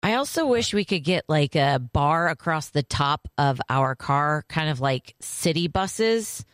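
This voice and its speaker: A woman's voice: deep voice, expressive, unhurried, dry recording. A woman co-hosting a casual chat show, answering in dry, wry short remarks. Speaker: podcast co-host.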